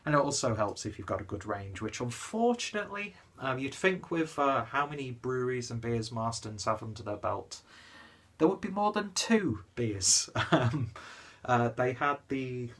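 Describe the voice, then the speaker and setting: Young man from northwest England, mid-pitched, slightly tipsy, rambling and self-deprecating, beer-vlog host. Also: animated, normal speed, a bit bright. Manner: rambling, chatty, self-deprecating, lots of fillers. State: slightly tipsy after a pub trip. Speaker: beer reviewer. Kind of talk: casual beer review vlog.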